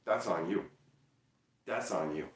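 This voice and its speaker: A man chatting casually on a livestream, loud and energetic, teasing his chat. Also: low voice, slow, reverberant, far from the mic. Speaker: streamer.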